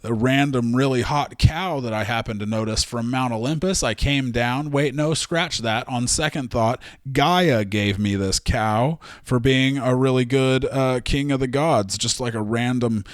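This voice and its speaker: A man's voice: medium pitch, unhurried, hardly any pauses, dry recording, studio quality, close to an everyday voice. A man voicing a panicky, womanizing male god-king who scrambles for excuses to his wife, in a comic retelling of a myth. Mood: flustered.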